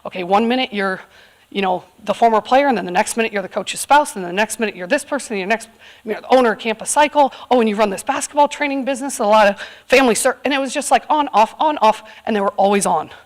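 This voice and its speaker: A California woman in her thirties, speaking at a community event, gives a personal talk to a live audience. Her voice is fairly high and fast, and she comes across as candid and earnest, with frequent fillers.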